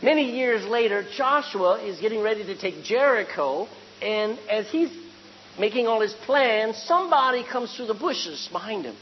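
A male preacher with a medium-pitched, animated voice preaches in a loose, conversational way, moving from punchy emphasis to quiet, near-whispered points. His voice reaches the listener through a muffled recording with a long hall echo and a faint hum underneath. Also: moderate pace. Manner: lively, conversational, shifting from loud emphasis to hushed tones. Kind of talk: sermon.

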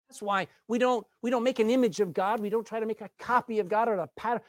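A man from Texas, preaching an emphatic sermon with dramatic pauses and drawn-out words. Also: high-pitched, steady tone, dry recording, studio quality.

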